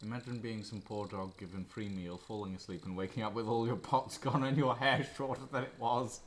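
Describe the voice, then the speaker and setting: A man's voice: lowish voice, fairly even intonation, fairly quick, a little hiss or hum. A man streaming a game, chatting casually with chuckling, self-mocking asides. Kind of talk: casual gameplay chat. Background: game music.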